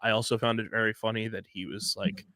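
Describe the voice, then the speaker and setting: A man's voice: lowish voice, flat delivery, quick pace, pushed and bright, no echo. Male podcast co-host, casual recap with jokes; dry close sound. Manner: narrates plot points with jokey asides and fillers.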